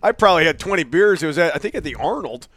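A man's voice: on the high side, lively intonation, fast talker, no room sound, studio quality. A man as a guest in a casual, profane chat, rowdy and often laughing. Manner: rowdy, laughs a lot, loud outbursts.

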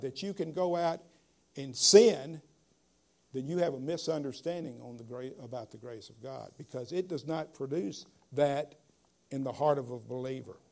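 Guy preaching a sermon, slightly high but mellow voice, lots of uh's, leans hard on key lines. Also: creaky. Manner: emphatic, stresses key phrases slowly, frequent "uh" fillers.

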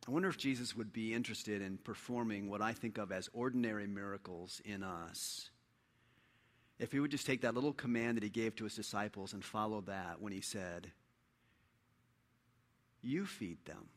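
A man preaching a sermon as a pastor, building up to loud, impassioned preaching. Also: on the low side, a little fast. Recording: hall reverb.

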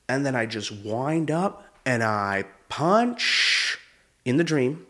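A man's voice: medium pitch, very animated, takes it slowly, sharp tone. A young man, a comedian hosting his own show, telling funny personal stories in a loose, slangy way and often laughing as he goes. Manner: casual, slangy, says "dude" often. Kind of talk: comedic storytelling monologue.

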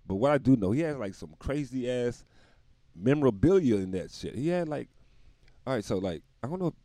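A tired man rambling through a casual comedic monologue, laughing often and breaking into loud put-on voices. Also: medium pitch, animated, moderate pace, dry recording, studio quality. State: dog tired.

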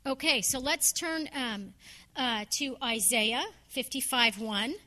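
A woman's voice: fairly high pitch, slow pace, pushed and bright. A woman preaching a sermon in a conversational, earnest storytelling way.

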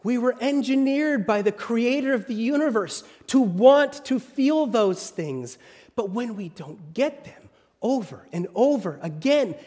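Dramatic preacher whispering and rising. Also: male voice, very high-pitched, long reverb tail. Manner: dramatic, shifting from loud to whispered. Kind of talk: sermon.

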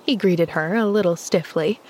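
A woman reading a classic novel aloud as narrator, in an even, measured way. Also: fairly low pitch. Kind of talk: scripted narration.

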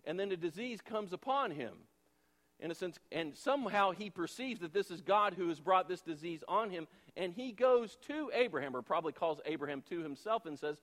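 High-ish voiced pastor guy preaching, lots of rhetorical questions, loud then hushed, big churchy reverb. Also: animated, a little fast. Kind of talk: sermon. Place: church sanctuary. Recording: long reverb of a large church hall.

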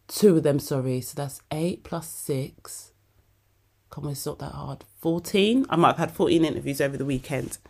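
A young woman hosting her own podcast, chatting casually and openly, laughing often and calling her listeners babe. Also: sits low. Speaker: podcast host. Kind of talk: casual solo podcast chat.

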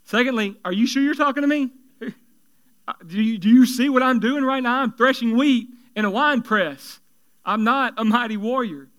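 A man doing a frightened young farmer who has had enough and says so with sarcasm. His voice is high and ringing, and he sounds exasperated and indignant. It is a spoken aside in a sermon. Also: normal speed, a bit bright. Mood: incredulous. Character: scared, indignant young male farmer complaining.

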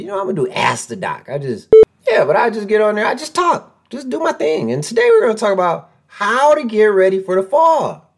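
A man hosting a casual podcast from a room at home, excitable and joking, with big swings in pitch and loudness. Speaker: podcast host. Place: room at home with a door nearby.

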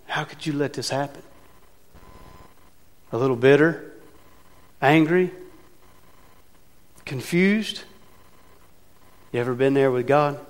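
A man's voice: mid-range voice, takes it slowly, long pauses. A man preaching a sermon from the pulpit, talking conversationally and with emphasis, asking his congregation rhetorical questions. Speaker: pastor. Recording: long reverb of a large hall.

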